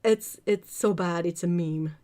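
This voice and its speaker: A British-born woman hosts a relaxed art livestream, reading out viewer comments and chatting back with frequent laughter. Her voice sits a little low and has a soft, mellow warmth rather than any brightness. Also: a little slow. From United Kingdom. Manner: chatty, laughs often, reads comments aloud.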